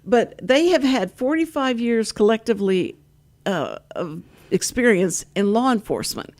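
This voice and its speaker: Older woman host, lively swooping delivery, chatty storyteller who laughs a lot. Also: on the high side, moderate pace. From Texas. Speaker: radio talk show host. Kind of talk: casual radio chat.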